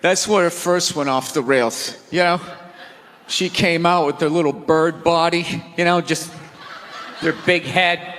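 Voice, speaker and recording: A man doing a stand-up rant on a big theater stage, loud, exasperated and profane. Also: a little high, fairly even intonation, a little slow. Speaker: stand-up comedian. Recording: theater reverb with faint crowd.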